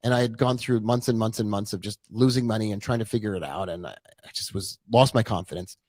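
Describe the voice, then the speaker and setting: A man's voice: fairly low pitch, quick pace, darkish tone, dry recording. Chatty man telling his story, dry sound. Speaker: trading coach. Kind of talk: casual live-stream talk.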